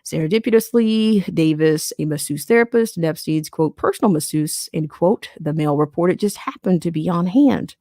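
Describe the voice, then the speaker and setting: A podcast host with a low, warm voice reads a news article aloud at normal speed with few pauses. Between quotes she breaks in with sarcastic asides, and the studio sound is clean with no echo.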